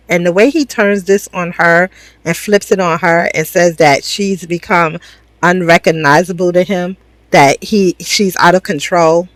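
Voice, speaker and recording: An expressive reviewer tells the story of a drama episode in casual, slangy terms. The delivery is blunt and animated, with the characters' lines acted out along the way. The sound is dry and close, with no room echo. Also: mid-range voice. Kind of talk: casual show recap.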